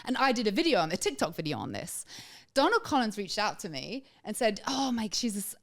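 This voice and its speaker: A woman hosting a podcast in casual chat, chatty and quick to laugh at her own stories. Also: medium pitch, big pitch swings. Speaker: podcast host.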